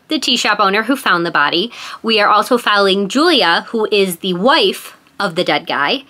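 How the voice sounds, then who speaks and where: A bright-voiced young woman talks casually to her viewers, chatty and enthusiastic. Her tone is crisp and forward, easygoing in a book vlog setting. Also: medium pitch. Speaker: book vlogger.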